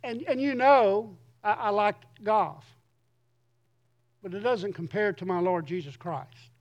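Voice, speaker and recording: A middle-aged man, a pastor, preaching a sermon in an earnest way and reading scripture slowly with emphasis. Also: high voice, lo-fi sound.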